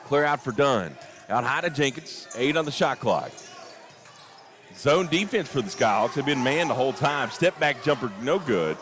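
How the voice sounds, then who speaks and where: A young man calling a basketball game play-by-play, openly partisan and quick to get worked up over big plays and missed calls. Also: medium pitch. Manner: excitable, rises sharply on big plays and disputed calls; openly partisan, admits getting emotional. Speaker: play-by-play announcer. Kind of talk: live basketball commentary.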